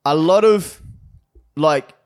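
A man's voice: fairly high pitch, takes it slowly, clear, resonant tone. A man hosting a casual podcast, rambling and restarting his sentences as he explains things. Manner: restarts often, rambling, laughing banter. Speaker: podcast host.

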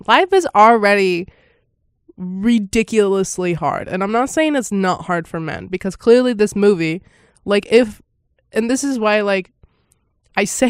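A woman's voice: medium pitch, no room sound, studio quality. A woman giving a casual first-reaction commentary on a film, rambling with lots of fillers and frequent laughter.

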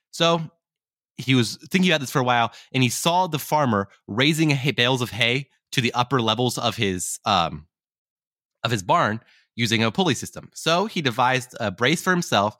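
A man's voice: mid-range voice, bright, forceful tone, no echo, clean studio sound. A man co-hosting a podcast, casually telling a long story and often correcting himself as he goes. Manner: rambling, self-correcting. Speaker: podcast co-host.

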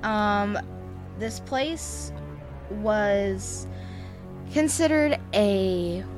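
A woman's voice: mid-range voice, expressive, extremely slow, over music. A woman co-hosting a podcast in casual chat, playful and rambling, often giggling. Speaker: co-host.

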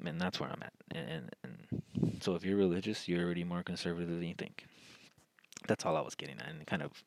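A man's voice: low-pitched, fast talker, gravelly, a little mellow, no echo, poor audio. A man hosting his own podcast, talking alone in a rambling way with frequent restarts. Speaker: podcast host. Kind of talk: solo political podcast monologue.

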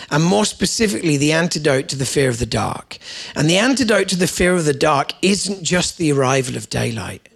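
Gravelly-voiced man preaching with playful stories. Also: on the high side. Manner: storytelling, playful asides, lively voices for his children. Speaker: guest pastor. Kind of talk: sermon. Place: church.

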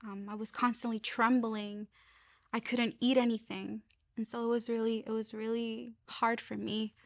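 A young woman sharing a personal faith testimony, earnest and halting, often restarting her sentences. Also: on the high side, flat delivery, no room sound, clean studio sound.

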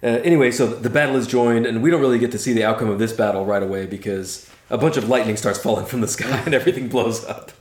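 A man's voice: medium pitch, fast talker, few pauses, a little mellow. A man co-hosting a casual book discussion podcast, talking with enthusiasm and laughing often. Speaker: podcast co-host. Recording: roomy echo.

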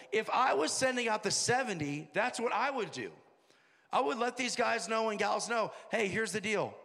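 A high-voiced man preaching in a reverberant hall, his voice rough with a gravelly edge. He moves between quiet, joking asides and shouted rallying calls. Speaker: pastor. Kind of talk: sermon.

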